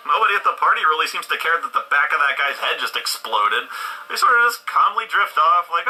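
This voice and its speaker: A man's voice: high-pitched, lively intonation, fairly quick, sharp tone, faint music behind, rough recording. A man doing sarcastic, profane comedy review commentary and mocking what he watches. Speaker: film and TV reviewer.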